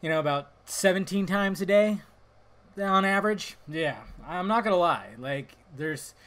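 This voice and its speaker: A man's voice: sits high, lively intonation, measured pace, a bit bright. A young adult man hosting his own podcast, rambling casually from topic to topic with frequent tangents and swearing. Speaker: podcast host.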